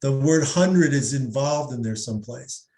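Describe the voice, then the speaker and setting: A middle-aged man, a psychologist, explaining reading and language in an animated way and sounding out examples. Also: medium pitch, normal speed. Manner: animated explainer, demonstrates pronunciations aloud. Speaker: psychologist guest. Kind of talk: explanatory discussion. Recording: roomy echo.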